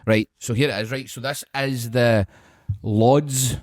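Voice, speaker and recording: Scottish guy on a podcast, mid pitch, swears a lot, laughs a lot, dry close sound. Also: fairly even intonation, normal speed, no room sound. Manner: swears freely, laughs often. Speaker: podcast co-host. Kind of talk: casual banter.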